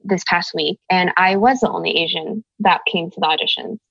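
A woman's voice: lowish voice, fairly quick, creaky, a bit bright, slightly rough, no room sound, muffled recording. A woman raised in the United States, speaking as an interview guest in an earnest, thoughtful way, searching for her words. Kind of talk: reflective conversation.

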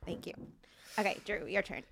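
A woman's voice: mid-range voice, moderate pace, vocal fry, no room sound, studio quality. A woman hosting a podcast who steers the casual chat with questions and prompts. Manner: drives the talk with questions and prompts. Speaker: podcast host.

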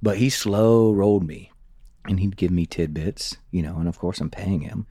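A man's voice: low voice, normal speed, dark tone, husky, dry recording, clean studio sound. A man, a former intelligence officer, telling candid stories in an interview, swearing freely and acting out the dialogue. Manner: candid, profane, acts out dialogue.

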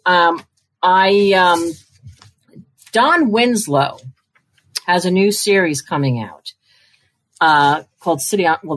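Low-voiced chatty older woman. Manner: chatty, acts out quoted voices. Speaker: publishing marketing executive, guest. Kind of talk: casual storytelling in a conversation.

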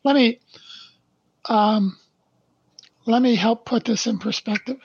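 An older man from Canada, a podcast guest who speaks slowly and deliberately, stressing his points and then reading his life story aloud. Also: very high voice, fairly even intonation, vocal fry, a little mellow, muffled recording, a little hiss or hum. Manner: slow, deliberate and emphatic.

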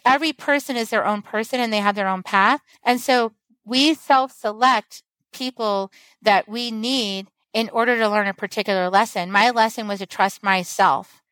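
A woman's voice: medium pitch, a bit bright, no room sound, low-quality recording. A woman guest on a podcast, talking in an earnest, flowing, teacherly way about spiritual growth. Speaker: guest author and medicine woman. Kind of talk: casual podcast conversation.

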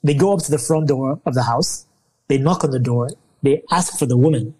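A young man from Nigeria, a podcast guest telling a long story in casual interview talk, animated and often laughing. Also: mid-range voice, brisk, breathy edge, poor audio.

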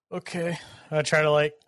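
A man's voice: medium pitch, dry recording, clean studio sound. A man playing in a tabletop game, speaking in a sleepy, sighing, whiny way. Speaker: player voicing Rubo. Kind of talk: tabletop role-play.

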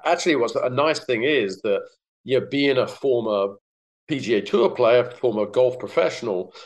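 A man's voice: medium pitch, moderate pace, rough recording. Middle-aged English-accented man, podcast guest, easygoing anecdotal delivery, filler words. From England. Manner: relaxed storytelling with many fillers. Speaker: guest, golf broadcaster. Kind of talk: casual podcast chat.

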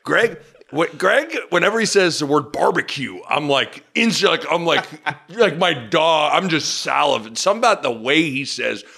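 A man co-hosting a podcast, excitable, chatting casually about sports. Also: on the high side, normal speed, vocal fry, husky. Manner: excitable, laughs often, mimics radio calls. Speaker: podcast co-host.

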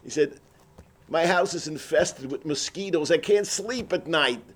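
Animated high-voiced man giving a sermon. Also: a little slow, husky. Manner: animated storyteller, acts out characters, cries out. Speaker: rabbi. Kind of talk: sermon with storytelling.

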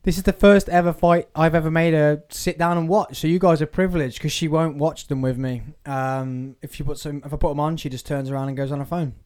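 A man's voice: a little high, fairly even intonation, fairly quick, few pauses, darkish tone, clean tone. Jokey man hosting a fight-watch podcast. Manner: jokey, laughing, mimics accents. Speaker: podcast host. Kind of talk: casual chat.

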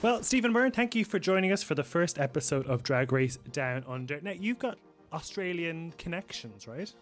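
A man co-hosting a podcast, relaxed and steering the chat with questions. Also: fairly high pitch, moderate pace, music in the background. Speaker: podcast co-host.

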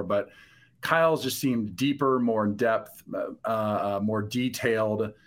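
A man hosting a podcast, a former pro quarterback, asking relaxed follow-up questions in a casual interview. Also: on the low side, a little slow.

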